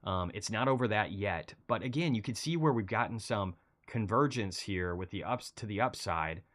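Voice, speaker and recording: A man's voice: lowish voice, normal speed. A man hosting a casual market commentary stream, talking through charts in a rambling, conversational way while feeling a bit unwell. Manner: conversational, rambling, animated bursts of excitement. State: feeling unwell, low energy.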